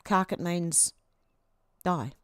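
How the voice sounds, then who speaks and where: A woman's voice: lowish voice, very slow, dry recording, clean studio sound. An Australian woman in her fifties hosting a casual livestream, reading viewer comments aloud and chatting back to them. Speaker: livestream host.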